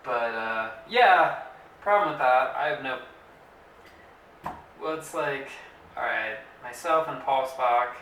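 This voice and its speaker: Rambling young man, bright roomy sound. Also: medium pitch, animated. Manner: rambling, halting speech with many fillers. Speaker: podcast co-host. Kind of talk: casual comedy podcast chat. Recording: roomy echo, mic at a distance, faint hiss.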